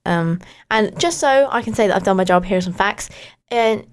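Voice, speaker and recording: A woman's voice: medium pitch, normal speed. A teenage girl from Australia co-hosting a casual breakfast radio show, playful and self-mocking with frequent giggles.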